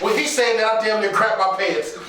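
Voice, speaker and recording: A man's voice: high-pitched, brisk, noisy background. A man co-hosting a casual TV reaction chat, swearing and mocking in a ranting way, recorded from a distance in an echoey room. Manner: profane, mocking, rant-like. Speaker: co-host.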